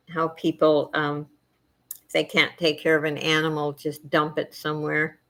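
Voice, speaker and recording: A middle-aged woman hosting a casual chat with her viewers, soft-spoken and emotional, wandering from thought to thought with many fillers. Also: sits low, monotone, moderate pace. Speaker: channel host chatting with viewers.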